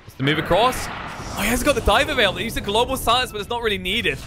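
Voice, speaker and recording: Fast, high-voiced male game caster. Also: music in the background. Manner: rapid, excitable play-by-play. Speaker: esports caster. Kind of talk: live play-by-play commentary.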